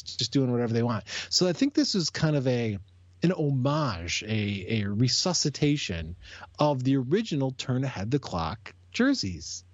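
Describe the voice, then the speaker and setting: Brief: male podcast co-host, animated and jokey, husky, dry close mic. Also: medium pitch, dry recording, highs cut off. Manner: animated, jokey, trails off mid-sentence. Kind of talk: casual chat.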